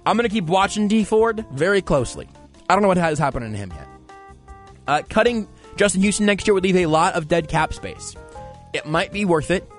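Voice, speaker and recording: Man, sports talk host, loose and conversational, slightly high voice. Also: animated, fairly quick, faint music behind. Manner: rambling, conversational, reads listener comments aloud. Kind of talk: casual sports talk show.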